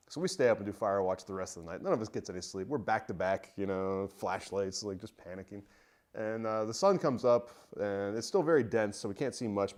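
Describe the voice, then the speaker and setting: Man, low-ish pitch, storyteller; relaxed spoken ghost story, unpolished and halting. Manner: conversational, halting with frequent pauses and fillers.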